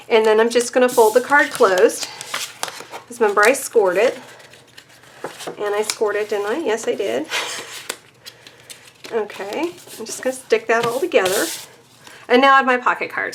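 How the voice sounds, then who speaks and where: A woman's voice: on the high side, normal speed, long pauses, background noise. A chatty, self-deprecating woman giving a casual papercraft tutorial, laughing often and a little out of breath. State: a bit out of breath. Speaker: papercraft demonstrator.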